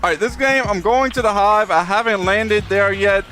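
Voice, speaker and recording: Young male streamer, casual and talkative, reads chat and laughs a lot; light, high voice. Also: moderate pace, sharp tone, faint music behind. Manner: chatty, reads chat aloud, laughs often. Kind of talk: live gameplay commentary.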